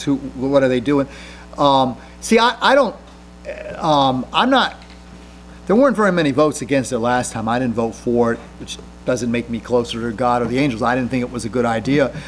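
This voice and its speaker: In a lecture room, a senator in his fifties fields audience questions as a guest speaker, sounding earnest but halting and restarting often. His pitch is medium, with slight background noise present.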